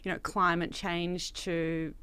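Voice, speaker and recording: A woman co-hosting a radio show, asking her guest questions in a lively, quick way. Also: on the low side, clear, resonant tone. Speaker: radio co-host. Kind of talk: interview questions.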